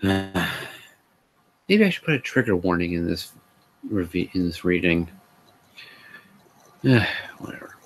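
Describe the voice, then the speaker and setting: Brief: male host, dry sarcastic reader, slow lowish voice, lots of sighing. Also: big pitch swings. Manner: sarcastic, sighing, exasperated asides. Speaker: host reading a fan fiction aloud. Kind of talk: sarcastic live comedic reading.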